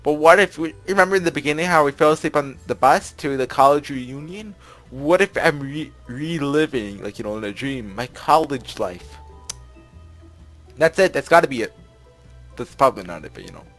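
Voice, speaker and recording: A man's voice: on the high side, animated, normal speed, fairly bright tone, faint music behind. A young man reading a visual novel aloud and commenting on it, rambling, with lots of filler words and laughs. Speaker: let's play narrator.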